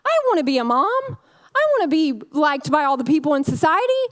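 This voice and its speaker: A woman's voice: high-pitched, sing-song, a little fast, fairly bright tone, no room sound, clean studio sound, pitched above the performer's own voice. A woman putting on a fed-up, whiny woman venting to God. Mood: exasperated.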